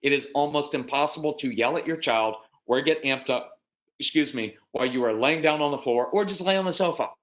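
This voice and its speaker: American man, middle-aged, parenting workshop speaker; direct, matter-of-fact, animated with acted voices. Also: mid-range voice, rough recording. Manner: animated, acts out parents and kids in quick voices. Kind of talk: live parenting workshop talk.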